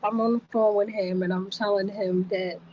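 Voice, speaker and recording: A woman's voice: medium pitch, steady tone, normal speed, lo-fi sound, slight background noise. A woman vlogger telling a personal story to the camera, vivid and repetitive in her retelling.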